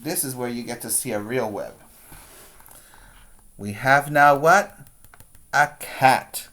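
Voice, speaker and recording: A man reads a picture book aloud to preschoolers at an unhurried, deliberate pace. He is a patient teacher who pauses to point out the pictures and quiz the little ones. His voice sits in an ordinary middle pitch. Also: bright, forceful tone. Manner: slow, patient, pointing out pictures and asking children questions. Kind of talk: reading a picture book aloud to young children.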